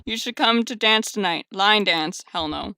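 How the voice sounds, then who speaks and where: A woman's voice: medium pitch, moderate pace, creaky, sharp tone, no room sound. A woman voicing a sweet, shy male yeti who talks in broken English and says "da" and "nyet", reading game dialogue aloud.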